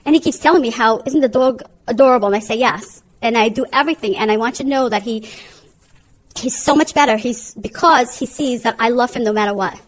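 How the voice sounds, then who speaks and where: A woman with a fairly high voice talks a little fast on a low-quality recording. She gives an emotional, earnest personal testimony as a mother, often repeating herself.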